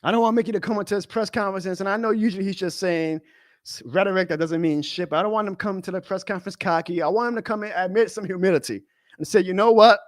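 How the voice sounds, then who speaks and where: Male stream host, high voice, heated profane rant, dead-dry sound. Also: fast, no room sound. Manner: profane, heated ranting, swings to shouting. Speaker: fan show host.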